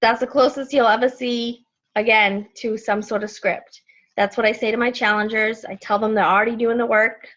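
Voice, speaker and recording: Woman coach, high voice, chatty and animated, casual training talk on a dull lo-fi line. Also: moderate pace. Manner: chatty, animated, acts out bright friendly messages. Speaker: team coach leading a training call. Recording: dull lo-fi sound.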